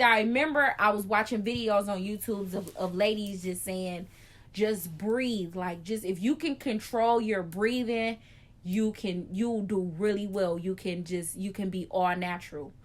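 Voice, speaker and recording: A young woman telling a personal story in a casual vlog, chatty and animated, acting out scenes with gasps. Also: medium pitch. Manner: chatty, frequent "like" fillers. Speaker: vlogger.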